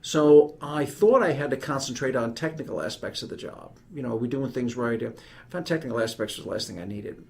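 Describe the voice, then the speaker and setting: A brisk, quick-spoken man in his fifties with a New York accent, talking as a guest on a podcast. He tells stories in an animated, emphatic way, with a voice of middling pitch. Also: vocal fry. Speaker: guest, retired army general. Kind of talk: conversational podcast interview.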